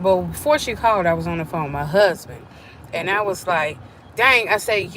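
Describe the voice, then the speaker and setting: A woman's voice: medium pitch, a little hiss or hum. A middle-aged woman, chatting with viewers during a live stream and acting out the voices in her story. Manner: animated, acts out quoted voices.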